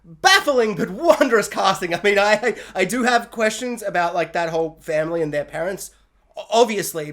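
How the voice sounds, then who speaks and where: A man's voice: high-pitched, a bit bright. A man giving a casual film ranking monologue, rambling with frequent laughs and restarts, sometimes mock-outraged. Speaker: film reviewer.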